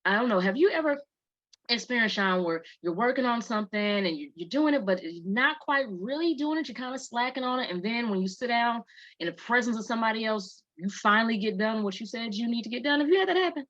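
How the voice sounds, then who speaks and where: A woman's voice: on the high side, expressive, fast, a bit bright. A woman hosting an interview, asking her guest encouraging questions over a video call. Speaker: host. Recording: dull video call audio.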